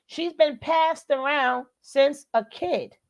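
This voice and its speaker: A woman's voice: sits high, slow, dull audio. A woman giving casual reaction commentary, drawling and exclaiming to her viewers.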